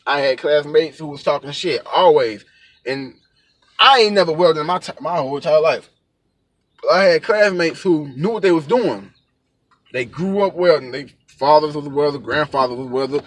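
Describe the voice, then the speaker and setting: A young man casually telling a personal story, emphatic and profane, acting out what people said. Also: a little high. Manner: emphatic, profane, acts out quoted dialogue. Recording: noisy background.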